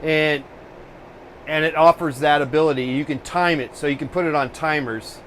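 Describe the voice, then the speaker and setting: A man hosts a live painting stream from a home studio, talking in a loose, exasperated way and cursing about his gear. His voice sits a little high for a man. A faint air-conditioning hum runs underneath. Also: steady tone, normal speed, a bit bright. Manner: profane, exasperated ranting. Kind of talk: casual live-stream chat.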